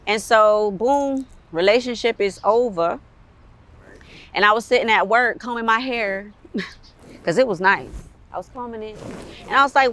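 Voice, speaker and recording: A woman of Caribbean background, a guest in an interview, telling stories in a casual, animated way with frequent laughter. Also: fairly high pitch, measured pace, pauses often. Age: adult with a son. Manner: animated, laughs often, quotes others. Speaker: interview guest, artist and model.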